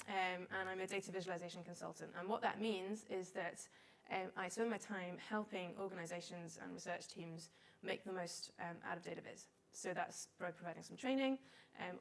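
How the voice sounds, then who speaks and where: A woman's voice: on the low side, gravelly. A woman in her forties, a data visualization consultant, giving a chatty, self-deprecating conference talk with frequent "um" fillers.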